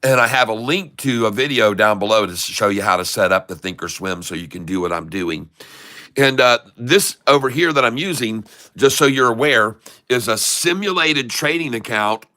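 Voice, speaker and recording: Bright, crisp-voiced man explaining trades. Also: mid-range voice, animated, normal speed. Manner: chatty, pointing things out on screen. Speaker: day-trading channel host. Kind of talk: live trading walkthrough.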